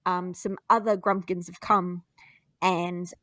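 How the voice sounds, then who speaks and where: A woman chatting casually on a podcast, telling stories in an animated, giggly way. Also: fairly low pitch, slow pace, dry recording, studio quality. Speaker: podcast co-host. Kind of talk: casual chat.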